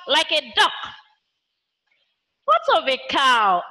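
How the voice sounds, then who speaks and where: Teaching a primary school science lesson online, a woman with a Nigerian English accent speaks slowly in a very high, pushed, bright voice full of big pitch swings. She uses call-and-response questions and imitates animal sounds for the children.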